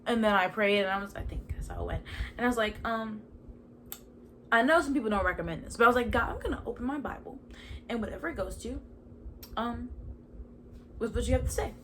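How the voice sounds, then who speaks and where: Young woman, higher-pitched, casual and animated storyteller recorded at home with faint background noise. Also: fairly quick, long pauses. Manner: chatty, animated storytelling with frequent "like". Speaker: podcast host. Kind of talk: casual personal testimony. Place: at home in a chair indoors.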